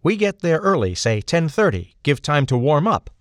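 A man's voice: on the high side, big pitch swings, normal speed, no room sound, clean studio sound. A man voicing an earnest adult man who speaks in clipped sentences and explains things matter-of-factly. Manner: clipped, matter-of-fact, drops small words.

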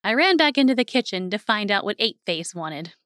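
Bright, crisp woman reading a story. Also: medium pitch, a little fast, no echo, clean studio sound. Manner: lively, switches voices for characters. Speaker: audiobook narrator. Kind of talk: first-person storybook narration.

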